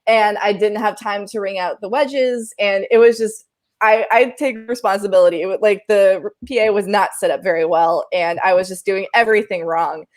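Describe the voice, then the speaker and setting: A woman who works as a live sound engineer, telling a story in casual podcast chat, animated and self-deprecating, laughing often. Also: medium pitch, moderate pace.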